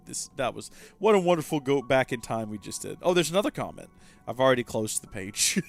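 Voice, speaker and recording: A man's voice: mid-range voice, vocal fry. Rambling man hosting a game stream. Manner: rambling, self-deprecating, chats with viewers. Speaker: livestream host. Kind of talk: casual gameplay livestream chat.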